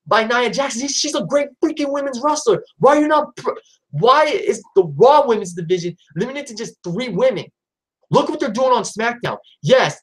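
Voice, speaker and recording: Frustrated guy venting on his channel, choppy restarts, gets loud and high when worked up. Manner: frustrated, exasperated ranting; talks in bursts with restarts, voice jumps up when riled. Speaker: wrestling YouTuber. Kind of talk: ranting vlog commentary.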